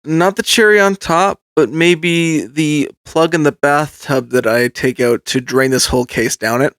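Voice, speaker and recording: A male podcast host telling an eerie true story in a casual, animated way, building suspense with pauses. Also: a little high, smooth, no echo.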